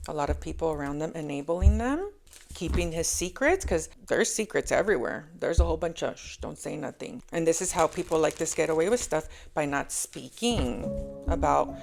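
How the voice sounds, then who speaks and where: A woman gives a casual tarot reading in a lowish voice with a gravelly edge. She talks emphatically and repeats her main points for weight. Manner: emphatic, repeats key phrases. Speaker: tarot reader.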